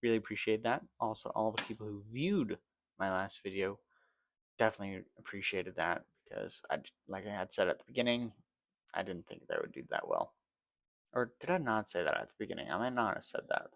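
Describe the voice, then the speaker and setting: A man's voice: fairly low pitch, expressive, a little fast, creaky, fairly bright tone, no room sound, muffled recording. A man casually rambling through gameplay commentary for his channel, yawning and correcting himself as he talks, sleepy with a dry mouth. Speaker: gaming channel host.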